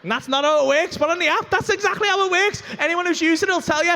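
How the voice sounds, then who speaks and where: Bloke doing stand-up, high-ish voice, swears a lot, handheld mic on stage. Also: male voice, fast, long reverb tail. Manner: brash, sweary and animated. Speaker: stand-up comedian. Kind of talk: stand-up comedy. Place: comedy club stage.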